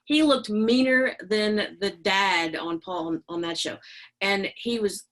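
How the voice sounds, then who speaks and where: A woman's voice: medium pitch, a little slow. Chatty middle-aged woman telling stories. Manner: animated, chatty, many fillers and laughs. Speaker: podcast guest, business owner. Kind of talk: casual interview storytelling.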